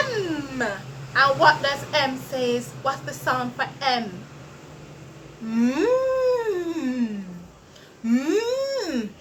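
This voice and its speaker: A woman teaching young children to read, slowly sounding out letters and cheering them on. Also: high voice, a bit bright, slight background noise. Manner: slow, drawn-out sounding out of letters. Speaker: early-reading teacher. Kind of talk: children's phonics lesson.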